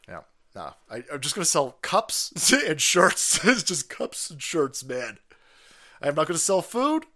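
A man hosting a live stream, chatting casually and profanely, laughing often and reading viewer messages aloud. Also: mid-range voice. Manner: animated, jumps into loud voices for stories. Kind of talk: casual rambling stream chat.

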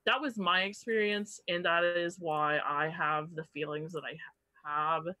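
A woman telling a story as a guest in casual podcast chat, animated and swearing casually. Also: lowish voice, unhurried, no echo.

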